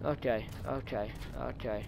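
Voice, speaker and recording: A man's voice: medium pitch, fairly even intonation, unhurried, creaky, background noise. Nervous man muttering over a horror game. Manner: jumpy, nervous muttering with sudden shrieks. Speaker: gaming channel host.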